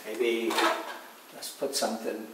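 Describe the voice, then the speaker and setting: Soft-spoken man demonstrating a painting. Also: lowish voice, completely flat delivery, very noisy. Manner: soft-spoken, unhurried, often trailing off quietly. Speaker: painting instructor. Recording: distant mic in an echoey room with faint ambience.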